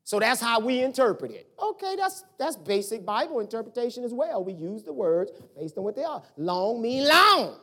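A pastor in mid-sermon with a lively voice that swoops up and down in pitch. The delivery is conversational and animated, built on rhetorical questions thrown at the congregation. A middle-aged speaker, talking plainly and directly. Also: a little fast, few pauses.

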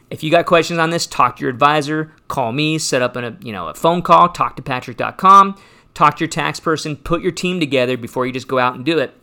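A man's voice: medium pitch, pushed and bright. A man hosting a finance show as an advisor, talking casually and with energy, acting out clients' questions and answering them with emphatic punch. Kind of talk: casual radio-style finance talk.

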